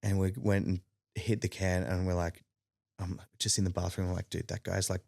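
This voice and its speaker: A man with an Australian accent, a podcast guest telling a story in casual chat. He talks animatedly, jumps up in pitch to act out quotes and fills in with lots of ums. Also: moderate pace, gravelly, no room sound, studio quality. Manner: animated, acts out quotes with rising pitch, many fillers.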